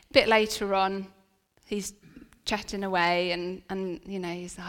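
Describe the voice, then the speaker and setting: A woman delivers a sermon in an earnest, conversational way, often restarting her sentences as she shares a story. Her voice sits at a mid pitch. The recording carries the long, ringing reverb of a church hall. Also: fairly even intonation, unhurried, hardly any pauses, fairly bright tone. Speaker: preacher. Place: church venue.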